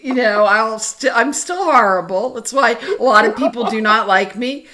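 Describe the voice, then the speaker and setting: A woman's voice: a little high, moderate pace, pushed and bright. A woman who is a punk singer, chatting casually, bluntly and with lots of laughter and swearing. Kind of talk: casual chat.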